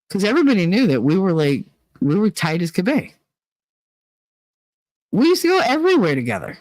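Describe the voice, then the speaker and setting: Speaking briskly in a mid-range voice with frequent pauses, a streamer tells a story during casual chat, and there's no room sound. She gets animated and emotional, performing the quotes with real feeling.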